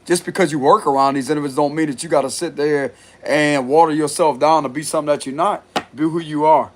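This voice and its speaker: A man's voice: a little high, steady tone, fast talker, a little hiss or hum. A man giving a casual tarot reading, talking bluntly with frequent cursing and laughter. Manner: blunt, profane, laughs often. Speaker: tarot reader.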